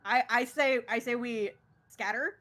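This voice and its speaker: A woman's voice: on the high side, a little slow, bright, forceful tone. A woman playing a tabletop game, casual, giggly and a bit nervous. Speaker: player.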